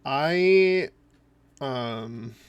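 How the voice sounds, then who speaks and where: A man's voice: mid-range voice, expressive, drawn-out words, smooth, muffled recording. A man with a Minnesotan accent from the northern United States, chatting in a casual, rambling way while streaming a game. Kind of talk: casual live-stream chat.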